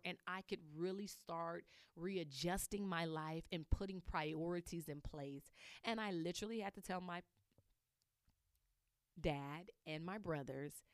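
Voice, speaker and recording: A woman's voice: lowish voice, smooth, dry recording, studio quality. A woman in her thirties from the United States hosting a podcast, telling a personal story in an earnest, emphatic way with fillers. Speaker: podcast host.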